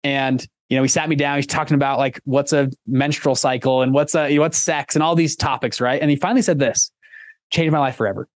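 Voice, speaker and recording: A man's voice: mid-range voice, fairly even intonation, fairly quick, no room sound. A young man chatting as a podcast guest, telling stories in a loose, rambling way full of restarts and fillers. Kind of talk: casual podcast conversation.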